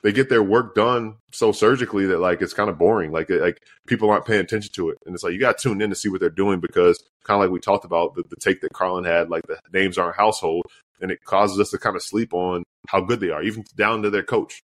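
Low-voiced male co-host, loose and rambling sports talk. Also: steady tone, quick pace, no room sound, clean studio sound. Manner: rambling, many fillers and restarts.

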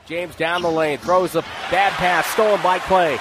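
Man, play-by-play announcer, high voice, fast clipped calls, arena noise behind. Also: fairly even intonation. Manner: rapid clipped calls, rising to shouts on scores. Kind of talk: live basketball play-by-play commentary. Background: arena crowd and ball bounces.

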